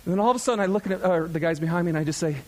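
A man in his thirties, a pastor, preaching in a chatty, animated storytelling way to his congregation. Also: high voice, rapid-fire.

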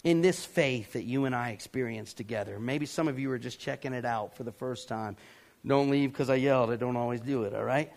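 A man preaching a sermon to a congregation, emphatic, with sudden shouted lines and casual asides. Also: medium pitch, expressive, brisk. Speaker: pastor.

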